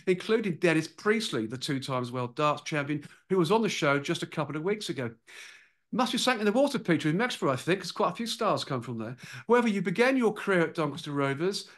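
A man's voice: on the high side, a bit bright. A man hosting an interview, chatty as he reads from his prepared notes on the guest. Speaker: host.

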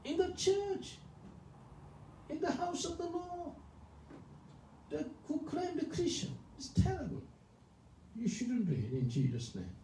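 Animated pastor in an echoey room. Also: male voice, extremely high pitch, a little slow, long pauses. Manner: animated, emphatic, calls for responses. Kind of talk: sermon. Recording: echoey room from far off, faint noise.

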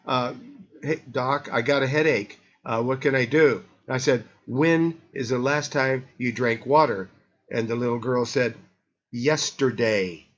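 A man's voice: on the high side, a bit bright, highs cut off. An older man hosting a health talk show, chatting casually and rambling with many restarts and fillers.

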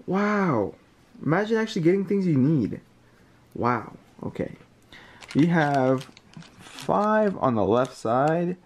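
A man giving casual unboxing commentary, reading card names aloud and getting excited over rare pulls, with words like bro and mate. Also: on the high side, takes it slowly, pauses often, a little hiss or hum. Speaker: card collector opening booster packs.

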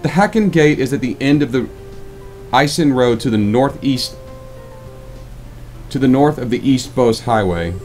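Deep-voiced man voicing game dialogue. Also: lively intonation, measured pace, long pauses, darkish tone, soft background music. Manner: casual, swears, self-deprecating asides. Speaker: gaming channel host voicing a playthrough. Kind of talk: casual let's play with voiced dialogue.

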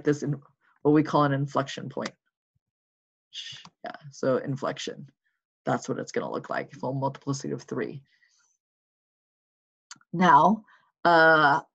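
A math teacher records a lesson, solving problems aloud in a relaxed, encouraging manner and checking in with listeners as he writes. His middle-pitched voice has a gravelly edge, and the audio is a bit muffled and lo-fi.

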